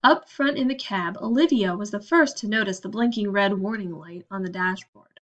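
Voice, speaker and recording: A woman reading a children's storybook aloud with steady, expressive narration. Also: mid-range voice, moderate pace, highs cut off. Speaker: audiobook narrator.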